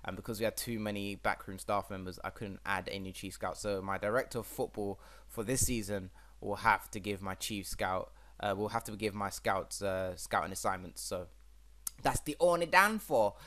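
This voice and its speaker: A man's voice: lowish voice, flat delivery, moderate pace, few pauses, a bit bright. A young man hosting his own gaming channel, chatting casually and rambling through a football management game with plenty of fillers.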